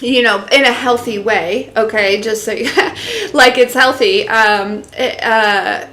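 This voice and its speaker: A woman speaks slowly with a fairly high pitch and a sharp tone, and the room echoes. During a casual live stream she rambles through a channeled message as an intuitive reader, using lots of fillers, speaking to her viewers and answering their comments.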